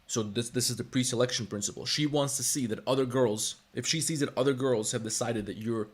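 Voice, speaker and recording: A man's voice: medium pitch, fairly quick, slightly rough. A man chatting casually on a live stream, giving blunt, profane advice in a lecturing way.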